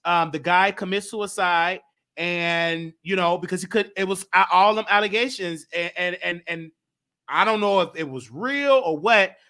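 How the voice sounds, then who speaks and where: This male show host has a high, sharp-toned voice. Offering loose commentary on an old broadcast, he drifts off topic, restarts himself often, fixes what he just said, and reads out comments from viewers.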